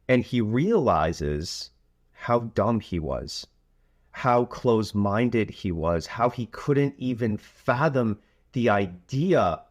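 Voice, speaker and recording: A man who hosts a coaching podcast, telling a story in a relaxed way with frequent filler phrases. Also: fairly low pitch, no echo, studio quality. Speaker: youth soccer coach and podcast host.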